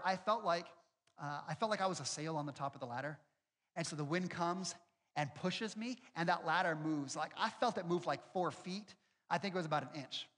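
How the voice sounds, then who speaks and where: A male pastor with a fairly bright, higher-side voice preaches a sermon in a conversational, storytelling manner, sprinkling in self-deprecating humor. The recording has long reverb with faint music in the background.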